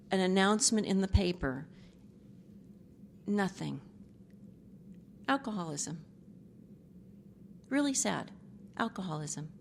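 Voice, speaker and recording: A woman's voice: mid-range voice, a little hiss or hum. A middle-aged woman giving a personal testimony as a speaker at a recovery group meeting, candid and rambling with frequent asides and self-deprecating humor.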